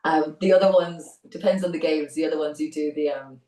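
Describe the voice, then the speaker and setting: A young adult Irish woman, a voice actor chatting in an interview, talkative and quick to laugh. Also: low voice, fairly even intonation, warm tone, reverberant, recorded from a distance, poor audio. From Ireland. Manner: chatty, laughs often, many restarts. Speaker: voice actor guest. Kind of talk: casual interview chat.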